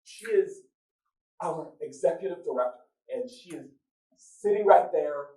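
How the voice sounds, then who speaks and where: A man's voice: a little high, lively intonation, unhurried, mellow. A man hosting a live event before an audience, telling his story with jokes and laughing at his own lines. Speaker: event moderator and host. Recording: echoey room recorded from a distance.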